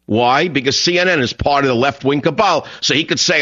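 A man hosting a talk radio show, ranting and mocking in a monologue that swings between shouting and muttering. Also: medium pitch, expressive, fairly quick, hardly any pauses, no echo. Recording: dull lo-fi radio broadcast.

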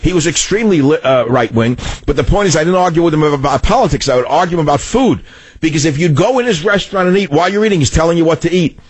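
A man with a New York accent hosting a talk radio show, talking loudly and combatively in a rambling monologue into a studio mic. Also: fairly high pitch, animated, fast talker, husky, no echo.

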